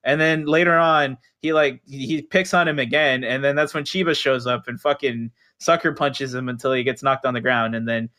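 A man's voice: mid-range voice, fairly even intonation, moderate pace, hardly any pauses, pushed and bright. A man chatting casually about an anime series, rambling with frequent fillers, restarts and swearing. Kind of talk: casual chat.

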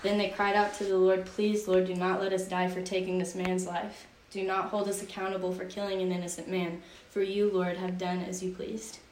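A woman's voice: on the low side, level tone, moderate pace, hardly any pauses, a little mellow, slight background noise. Young woman, youth Bible study leader, casual and chatty, many "like"s; distant mic in an echoey room. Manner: chatty, filler-heavy storytelling with frequent "like". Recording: roomy echo from a distance.

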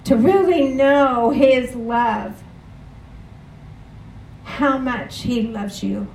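A woman's voice: a little high, vocal fry, slight background noise. A woman preaching a sermon, earnest and leading the congregation in repeated phrases. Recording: roomy echo from a distant mic.

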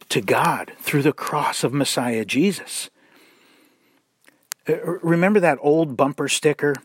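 Male preacher, blunt and sardonic, deliberate pace, dry close sound. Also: mid-range voice, no room sound. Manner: blunt and mocking, with sarcastic asides; slow and deliberate, drawing out words for emphasis. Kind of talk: sermon-style commentary.

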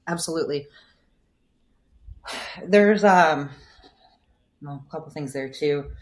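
A woman physical therapist and coach, talking through her thinking in a relaxed podcast interview, filling her speech with "like.". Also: deep voice, slow. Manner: thoughtful, explanatory, frequent "like" fillers.

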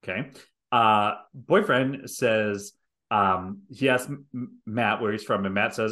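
Wisconsin guy cohosting a podcast, jokey and animated, mid-pitched. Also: moderate pace. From American Midwest. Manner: joking, animated, teasing. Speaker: podcast co-host. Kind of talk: casual chat.

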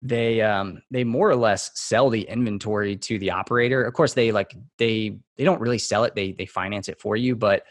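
A man from Texas, a podcast guest, telling a relaxed, rambling story full of fillers and restarts. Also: lowish voice, normal speed, hardly any pauses, no echo. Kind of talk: casual storytelling in a podcast interview.

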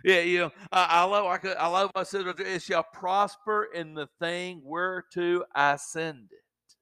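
A man's voice: high-pitched, fairly even intonation, unhurried, bright, forceful tone, clear, resonant tone, dry recording. A man preaching a sermon, often repeating words as he builds up.

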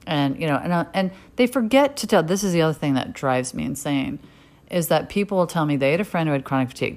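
A woman's voice: low-pitched, animated, fast, darkish tone. A middle-aged woman speaking frankly and casually about her own life, swearing freely, full of fillers and restarts. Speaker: podcast host. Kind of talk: candid personal monologue.

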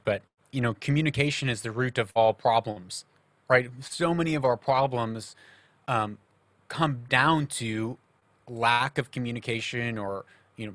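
A male host asking thoughtful, carefully phrased questions. His medium-pitched voice sits dry and close, with no room sound. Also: a bit bright, dry recording. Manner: thoughtful, searching for words. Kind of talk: interview conversation.

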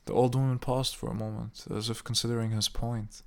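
A man narrating a horror story in a steady, measured way. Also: medium pitch, creaky.

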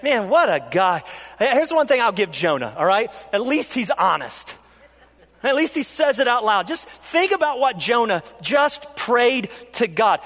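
A man preaching a sermon as pastor, animated and acting out quotes with big jumps in his voice. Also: high voice. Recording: long hall reverb.

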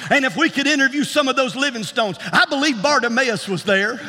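A man preaching a sermon in a rhythmic style that climbs to shouts and repeats words for emphasis. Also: very high-pitched, fairly quick. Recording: long hall reverb.

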